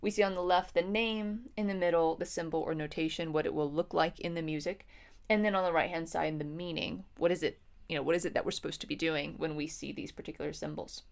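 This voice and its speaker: A woman's voice: low-pitched, steady tone, fast talker, gravelly. A woman music teacher explaining patiently in an instructional lesson, with frequent ums.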